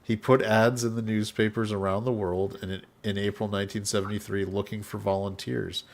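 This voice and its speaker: A man on a podcast casually telling a history story, relaxed and chuckling. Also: on the low side, brisk, vocal fry.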